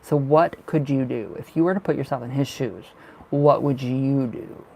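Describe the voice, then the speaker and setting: A man's voice: mid-range voice, normal speed, vocal fry, dark tone. A man giving a casual live tarot reading, talking loosely and repeating himself as he goes. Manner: casual, rambling, repeats words. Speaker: tarot reader.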